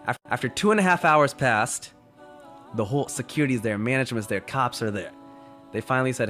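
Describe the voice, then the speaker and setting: A man's voice: mid-range voice, a little fast, fairly bright tone, soft background music. A man telling a story in a casual, conversational way. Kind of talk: storytelling talk.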